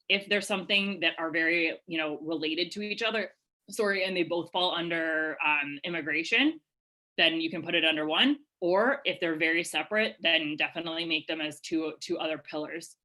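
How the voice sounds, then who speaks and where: A woman presenting a live webinar over a video call, answering attendees' questions in an energetic, chatty way with lots of fillers. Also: fairly low pitch, low-quality recording. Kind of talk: live webinar Q&A, casual coaching. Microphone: webcam video call.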